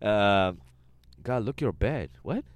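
A man's voice: lowish voice, lively intonation, slow pace, dry recording. A young man from Canada co-hosting a comedy podcast from a car, telling rambling stories and laughing often. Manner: storytelling, laughing often, exasperated. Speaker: podcast co-host. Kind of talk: casual comedic banter.

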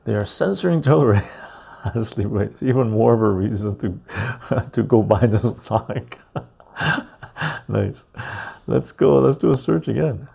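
A man hosts a casual live stream, thinking aloud as he pulls up stock charts. His voice is heavily gravelly and dark, with a husky edge. He mutters while he searches and keeps checking in with his viewers. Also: on the low side, a little slow.

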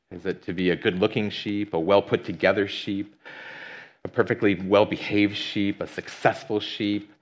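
Male pastor, low voice, casual conversational preaching style. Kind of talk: sermon.

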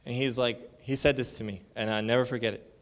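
A man's voice: mid-range voice, fairly even intonation, fast. A male church elder giving a conference sermon, telling stories in a casual, slangy way and acting out the people in them. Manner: casual storytelling with slang and fillers; acts out dialogue with shifting voices.

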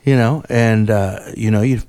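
A man's voice: lowish voice, fairly even intonation, normal speed, mellow. Joking mock-sentimental man. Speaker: podcast co-host. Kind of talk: casual banter.

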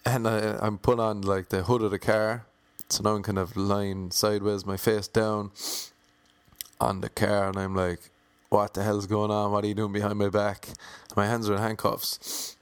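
A man's voice: lowish voice, moderate pace, smooth, dry recording. A man tells a story in a casual, comic way. He swears freely and mocks himself. The recording is close and dry, with no room sound. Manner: lively, acts out the voices in his story; swears casually, self-mocking.

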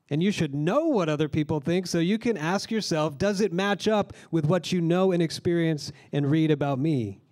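A man delivering a sermon in a mellow, warm voice that sits a little higher than most men's. He teaches earnestly and slows down to lean on the phrases that matter. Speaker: pastor.

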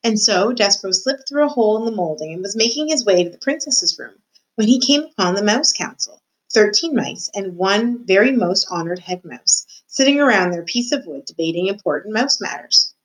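Student reader, woman, steady storybook narration, mid-range voice. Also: mid-range voice, moderate pace, rough recording. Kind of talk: reading a novel aloud.

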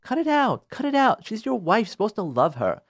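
A man's voice: high-pitched, wildly swooping pitch, a little fast, no room sound, studio quality. A man who works as a marriage counselor, hosting a radio advice talk and driving his points home by repeating phrases. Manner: emphatic, repeats phrases for stress.

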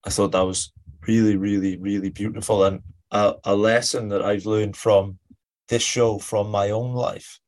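Brief: male podcast host, low even voice, thoughtful reflective delivery. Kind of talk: reflective conversation.

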